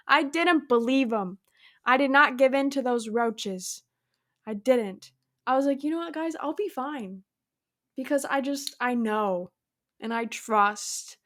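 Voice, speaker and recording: A young adult woman hosting a solo podcast, talking casually and upbeat about spirituality and surrender, acting out imagined conversations. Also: fairly high pitch. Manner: upbeat, spiritual, talks through imagined dialogues. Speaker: podcast host.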